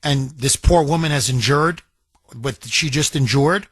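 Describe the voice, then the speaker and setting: Impassioned husky male radio host. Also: mid-range voice, measured pace, fairly bright tone, dry recording. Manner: impassioned, indignant, emphatic. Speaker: radio talk show host. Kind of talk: talk radio monologue and call-in.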